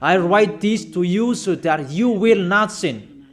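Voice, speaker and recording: A man with a rather high-pitched voice delivers a stern sermon. He admonishes his listeners emphatically, pausing between phrases and pressing them with rhetorical questions. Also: expressive. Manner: admonishing, emphatic, slow deliberate phrasing with pauses. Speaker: preacher.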